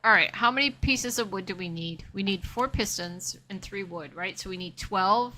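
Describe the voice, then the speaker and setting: A woman chats her way through a relaxed live game stream, thinking aloud and talking to her viewers. Her voice is bright and forward, and her pitch sits in a middling range. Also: normal speed, slight background noise. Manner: chatty, talks to herself and her chat. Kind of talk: casual live-stream chat while playing.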